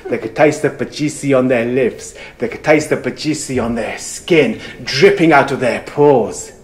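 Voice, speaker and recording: Man telling a folk tale in rhythmic repeats. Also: mid-range voice. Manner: rhythmic, repeating phrases, dropping to soft murmurs. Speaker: storyteller.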